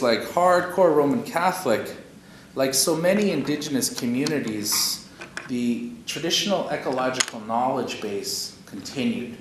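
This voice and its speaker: A man's voice: mid-range voice, normal speed. A man from Canada leading a workshop, telling stories in a folksy, conversational way with a lot of "eh?" and "you know?". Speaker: workshop facilitator. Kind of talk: storytelling in a workshop talk. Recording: echoey room with audible noise.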